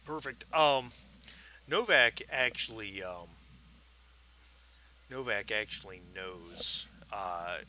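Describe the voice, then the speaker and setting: Bright-voiced male game master. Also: lowish voice, lively intonation, slow, long pauses, slight background noise, low-quality recording. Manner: many fillers and restarts while describing scenes. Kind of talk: narrating a tabletop game.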